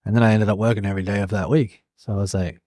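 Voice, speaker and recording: A man co-hosting a podcast, telling stories in relaxed casual chat. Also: lowish voice, racing, no echo, studio quality. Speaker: podcast co-host.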